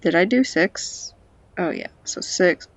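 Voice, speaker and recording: A woman's voice: lowish voice, expressive, takes it slowly, dry recording, dull audio. A woman with a stuffy nose giving casual, playful commentary on a game she is playing at home, talking to the characters and now and then dropping into a whisper. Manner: drops to whispers at times. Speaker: game vlogger. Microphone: cheap home microphone.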